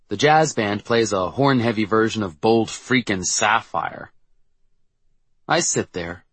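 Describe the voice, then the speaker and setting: A man's voice: on the low side, a bit bright, husky, no echo. A man narrating a first-person audiobook in a wry, reflective storytelling manner.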